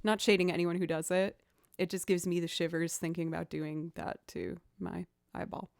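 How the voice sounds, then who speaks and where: A woman's voice: on the low side, little pitch movement, moderate pace, creaky, darkish tone, faint music behind. A young woman streaming, chatting casually with viewers in a rambling way, with lots of "like" and "um".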